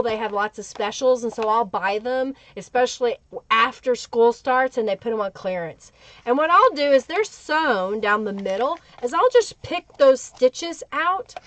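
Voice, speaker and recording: High-voiced chatty woman crafter. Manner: chatty, greets chat viewers by name. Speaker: crafting livestream host. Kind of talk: live crafting tutorial. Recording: dull lo-fi livestream audio.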